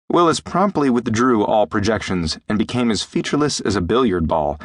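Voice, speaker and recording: Male narrator, low voice, steady storytelling, dry close studio sound. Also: a little fast, hardly any pauses, no echo. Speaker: audiobook narrator. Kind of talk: scripted narration. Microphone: close studio mic.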